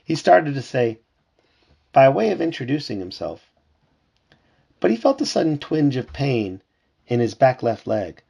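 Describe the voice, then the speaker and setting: Dad with a gravelly voice reading a storybook aloud. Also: male voice, mid-range voice. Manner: lively read-aloud with character voices, pauses to chat. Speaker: father reading aloud to his child.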